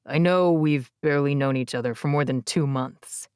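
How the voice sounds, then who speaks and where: A woman voicing an earnest young man proposing, speaking low and softly in an audiobook. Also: normal speed, clean tone, no room sound, clean studio sound, close to an everyday voice. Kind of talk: audiobook character reading. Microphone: close studio mic, dry.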